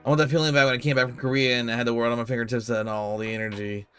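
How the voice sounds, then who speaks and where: A man's voice: medium pitch, level tone, rapid-fire, fairly bright tone, faint music behind. A man streaming a horror game, rambling to himself in a playful, casual way. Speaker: gameplay streamer. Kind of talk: casual chat while playing a horror game.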